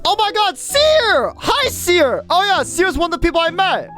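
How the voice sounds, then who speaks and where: A young adult live streamer chatting casually with viewers, excitable and chatty, often restarting sentences. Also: extremely high pitch, normal speed, faint music behind. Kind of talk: casual chat while reading stream chat.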